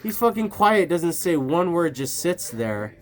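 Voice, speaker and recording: A man's voice: a little high, sing-song, measured pace. Man rambling and swearing to camera. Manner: rambling, profane, laughs a lot. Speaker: vlogger. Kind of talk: casual rambling talk to camera. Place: outdoors at night.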